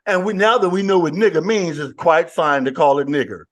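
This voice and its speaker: A man hosting a casual online panel chat, throwing out questions in an animated, hyped way. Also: fairly high pitch, brisk. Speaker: host.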